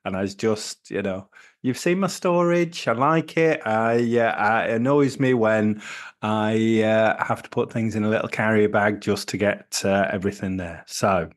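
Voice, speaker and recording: A man's voice: fairly low pitch, moderate pace. A British man co-hosting a camping podcast, easygoing and teasing. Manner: easygoing, teasing, laughs often. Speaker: podcast co-host. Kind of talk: casual chat.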